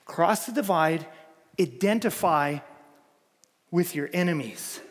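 A Canadian pastor preaches a sermon in a church sanctuary, his slightly high voice slow and carrying a big-room sound. He is earnest and emphatic, building his points through repeated phrases.

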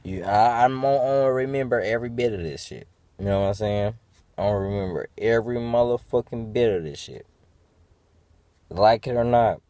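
A man's voice: on the low side, moderate pace, warm tone, no room sound. A man venting in a rambling, profane monologue to his viewers, full of fillers and restarts. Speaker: vlogger.

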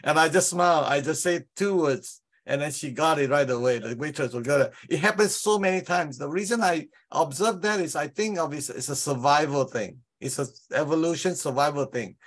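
A man's voice: a little high, a little fast, hardly any pauses, a bit bright. Earnest man with roots. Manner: earnest, explains with examples. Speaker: study group participant. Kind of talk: casual group discussion.

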